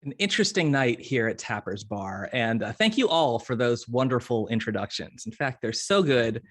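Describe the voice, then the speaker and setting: A man's voice: mid-range voice, animated, normal speed, fairly bright tone. Man game master, genial rule explaining, stumbling restarts. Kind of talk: running a tabletop game.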